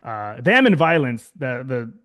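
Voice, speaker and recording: A guest musician from Southern California, a man in his thirties, chats casually in an interview. His mid-range, slightly bright voice swings widely in pitch at a measured pace, and he rambles with many fillers and restarts, laughing often.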